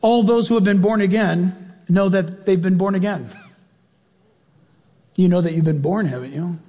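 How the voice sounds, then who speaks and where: A male preacher delivering an animated sermon, acting out voices and calling questions to his congregation. His voice is high and husky. It echoes with long reverb in a church hall. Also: moderate pace. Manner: animated, acts out quotes, questions the audience.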